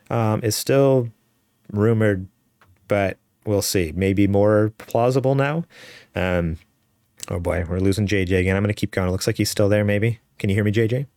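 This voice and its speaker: A man with a low voice co-hosting a casual gaming podcast, eager and quick to laugh as he reads out news stories. The sound is dry and close, over a call mic. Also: a little mellow, no room sound. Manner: enthusiastic, laughs often, reads news aloud. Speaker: podcast co-host.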